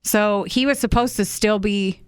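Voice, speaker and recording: Recorded in a dry, clean studio, a woman co-hosting a true crime podcast relates a case in a relaxed, chatty manner with indignant, cursing asides. Her mid-range voice is unhurried, clear and resonant.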